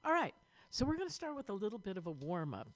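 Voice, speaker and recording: A woman choir director leading an online vocal warm-up lesson, upbeat and encouraging as she demonstrates breathing exercises. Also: medium pitch, very animated, fast.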